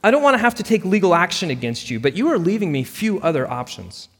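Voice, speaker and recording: A man's voice: fairly high pitch, sing-song, brisk, breathy edge, long reverb tail, voice pushed up. A man voicing a determined mother who confronts an insurance company with pointed, indignant questions. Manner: indignant, pressing, sharp questions.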